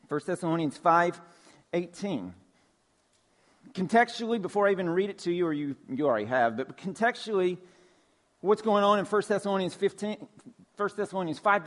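A man preaching a sermon from the pulpit of a church, with a somewhat higher voice than most men. He talks in a relaxed, conversational way and often drops in casual fillers as he moves through his points. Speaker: pastor. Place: church sanctuary.

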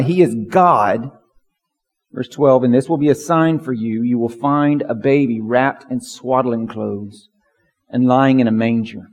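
A man's voice: mid-range voice, a little mellow, big-room sound. A man preaching a sermon as pastor, emphatic and building to fervent lists of praise.

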